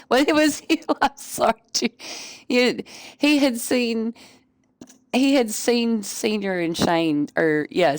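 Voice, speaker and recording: A woman's voice: lowish voice, no room sound, studio quality. A woman streamer chatting casually with her viewers, candid and profane, often laughing. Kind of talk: casual chat.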